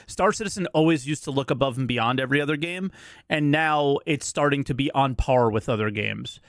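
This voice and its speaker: A man's voice: medium pitch, a bit bright, dry recording, studio quality. A man giving casual reaction commentary as a streamer, blunt and skeptical, pushing back on what he hears.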